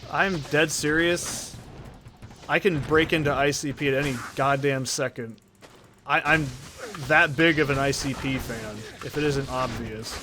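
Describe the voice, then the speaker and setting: A man's voice: medium pitch, measured pace, noisy background. A man hosting a game let's play, chatting casually in a rambling, profane, joking way. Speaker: gaming channel host.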